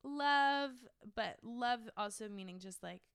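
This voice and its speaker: A woman's voice: on the high side, takes it slowly, creaky, fairly bright tone, clean tone, no echo. A young woman, a singer-songwriter, chatting in an interview, gushing and emotional with lots of fillers. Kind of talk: casual interview chat.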